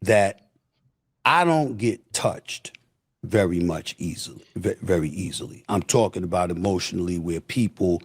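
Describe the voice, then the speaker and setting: A man's voice: low-pitched, moderate pace, slightly rough. A man talking as a podcast guest, blunt and emphatic, repeating himself for stress. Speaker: podcast guest, media personality. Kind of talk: casual podcast conversation.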